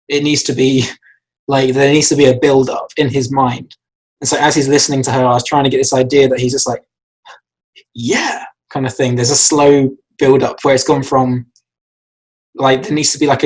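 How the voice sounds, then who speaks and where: A man's voice: mid-range voice, breathy edge, low-quality recording. A man, an animator, explaining his acting choices for a shot in a casual, rambling way with many fillers and restarts. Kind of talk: casual lesson talk.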